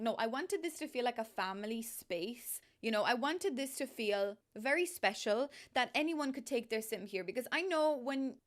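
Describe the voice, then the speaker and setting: Bubbly woman, slightly high voice. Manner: bubbly, gushing, laughing, rambling. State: emotional, close to tears. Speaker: YouTuber, game builder. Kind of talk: excited casual vlog chat.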